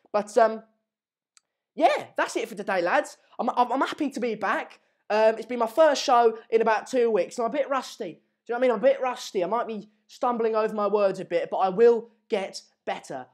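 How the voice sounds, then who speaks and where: Brief: woman, live-stream football host, mid-pitched, excitable and rambling. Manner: excitable, rambling banter with frequent asides. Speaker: host of a live transfer news show.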